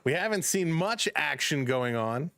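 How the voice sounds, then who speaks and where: A man's measured voice, with vocal fry, carries a casual live baseball stream where he calls the action and chats with viewers, greeting them by name between pitches. He gets loud and excited on big plays, and the recording is dry.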